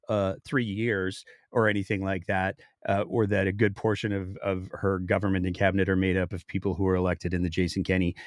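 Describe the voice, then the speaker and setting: A man's voice: fairly low pitch, no echo, clean studio sound. A man hosting a political podcast, giving casual commentary with a sarcastic, wry manner.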